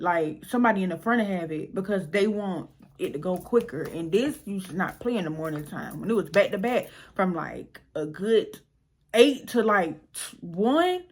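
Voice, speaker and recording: A young woman vlogger telling a casual storytime tale, animated and slangy, acting out the people in it. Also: mid-range voice. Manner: animated, slangy, acts out voices.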